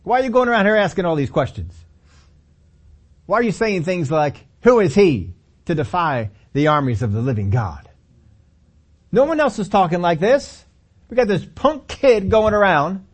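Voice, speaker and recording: Lively preaching man, fairly high voice. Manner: animated storytelling with acted quotes and chuckles. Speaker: pastor. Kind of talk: sermon.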